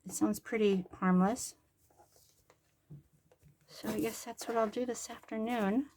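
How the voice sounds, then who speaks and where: A woman's voice: fairly high pitch, steady tone, measured pace, darkish tone, a little hiss or hum. An older woman and grandmother chatting casually and rambling while she sews a craft at home, joking about herself. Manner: chatty, rambling, jokes at her own expense. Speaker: crafting vlogger. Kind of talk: casual chat while sewing.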